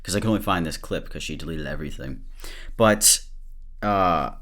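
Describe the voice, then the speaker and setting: Low-voiced man hosting a commentary podcast. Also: lively intonation, normal speed, vocal fry, fairly bright tone. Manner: candid, laughing, swearing. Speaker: podcast host. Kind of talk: casual commentary.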